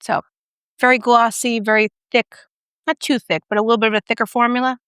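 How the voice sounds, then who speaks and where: A woman's voice: a little high, level tone, brisk, a bit bright, clear, resonant tone, no room sound, studio quality. A woman from the United States, a beauty vlogger, chatting casually through a product review and joking about her own pronunciation.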